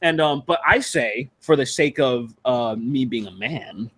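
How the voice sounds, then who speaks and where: A man hosting a casual video-call chat, rambling with lots of fillers and restarts, crude and quick to laugh. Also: mid-range voice, lively intonation, a bit bright, slightly rough. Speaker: streamer hosting a patron hangout.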